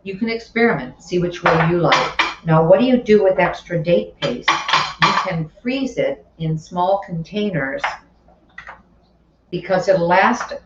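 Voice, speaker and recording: Slow-talking woman teaching a cooking class. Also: on the low side, animated. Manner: chatty, explains each step while working, with asides. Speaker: cooking instructor. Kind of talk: live cooking demonstration. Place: home kitchen. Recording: roomy, distant, dull sound with faint kitchen noise.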